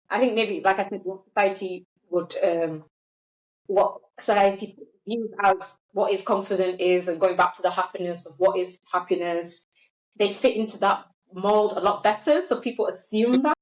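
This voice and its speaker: A woman's voice: medium pitch, normal speed. A woman talking in a thoughtful, hesitant way in casual podcast chat. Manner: thoughtful, hesitant, with many fillers. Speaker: podcast host. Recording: echoey, dull sound.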